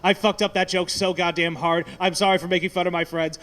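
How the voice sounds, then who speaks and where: A man's voice: sits high, flat delivery, fairly quick, fairly bright tone, a little hiss or hum. A man doing an open mic stand-up set, rambling and self-deprecating, swearing often, on a handheld mic in a small brewery taproom. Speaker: stand-up comic.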